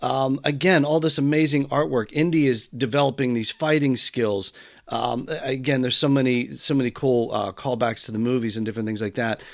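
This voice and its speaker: A man's voice: mid-range voice, fairly even intonation, brisk, dry recording, clean studio sound. A man hosting a podcast in casual chat, talking in an enthusiastic, rambling way. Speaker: podcast host.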